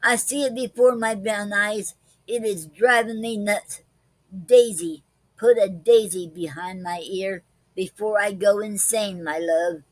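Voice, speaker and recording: A woman hosting a live-streamed poetry club reads her poems slowly and deliberately, with pauses and "um"s between them. Her voice sits at a middling pitch. The sound is dry and close, with no room echo. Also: steady tone. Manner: slow deliberate reading with many pauses and fillers.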